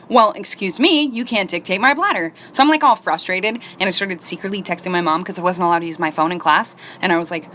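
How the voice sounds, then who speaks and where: A middle-aged woman telling funny stories about her life in a casual, animated way, laughing as she goes. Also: on the low side, brisk, slight background noise. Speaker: storyteller. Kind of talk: casual storytime.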